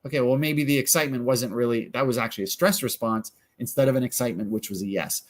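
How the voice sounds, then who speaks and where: A man coaching viewers through a decision exercise in a calm, guiding way, often acting out the questions people ask themselves. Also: medium pitch, fast. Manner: calm, guiding, acts out inner questions in quotes. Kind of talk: guided self-help coaching.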